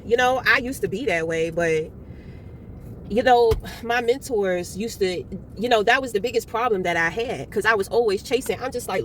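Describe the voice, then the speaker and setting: A woman giving a casual tarot reading, talking bluntly and with plenty of swearing as she tells stories with animated energy. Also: medium pitch, normal speed, a little hiss or hum. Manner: blunt and profane, animated storytelling. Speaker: tarot reader.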